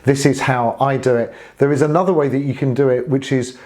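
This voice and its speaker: A man's voice: medium pitch, fairly even intonation, fairly quick, darkish tone. A man teaching saxophone in a casual spoken tutorial, friendly and earnest, sometimes growling gritty sounds to demonstrate.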